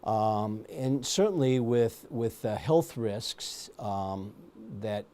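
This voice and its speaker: A man speaking as a pulmonologist in an interview, giving measured explanations with frequent ums and uhs. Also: on the low side, animated, dark tone. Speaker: pulmonologist guest. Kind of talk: medical interview answers.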